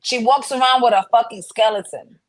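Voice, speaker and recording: A woman's voice: on the high side, fairly even intonation, brisk, low-quality recording. Woman on a podcast, frank, talking it through like to friends. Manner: explaining her take, frank and conversational. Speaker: podcast co-host. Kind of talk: casual chat.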